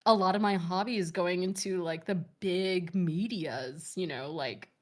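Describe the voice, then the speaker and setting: A woman's voice: lowish voice, a little slow. A woman in her thirties, a guest streamer in casual chat, talking in a chatty way with many fillers and frequent laughs. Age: 30s.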